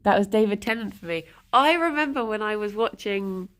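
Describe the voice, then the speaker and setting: On a casual live stream, a woman with a medium-pitched, animated voice talks fairly quickly and rambles, greeting viewers and laughing often. Every so often she turns to her rabbits, speaking softly or whispering.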